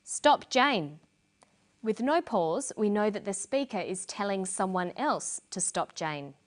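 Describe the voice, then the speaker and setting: A middle-aged woman explains points of English to learners in a scripted lesson. She speaks clearly and deliberately. Her intonation moves lively up and down. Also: mid-range voice. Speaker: English teacher presenter. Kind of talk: scripted educational narration.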